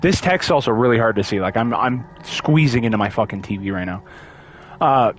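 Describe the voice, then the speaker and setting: A man's voice: medium pitch, expressive, normal speed, a little hiss or hum. A young man chatting casually while streaming a game, rambling and stumbling over words as he reads aloud. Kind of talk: casual gameplay commentary.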